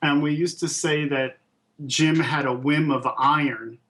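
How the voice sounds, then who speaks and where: A man in his fifties with a slightly raised voice recalls his work as a puppet and toy designer in a relaxed interview. He talks in a thoughtful way, pausing on ums and restarting his sentences as he goes. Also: fairly high pitch, poor audio. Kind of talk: casual interview storytelling.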